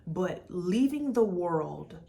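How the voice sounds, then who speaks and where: A woman in her forties giving a lively, chatty talk about her faith to camera, calling the viewer baby and girl. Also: lowish voice, takes it slowly, creaky. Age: 40s. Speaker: vlogger sharing her testimony.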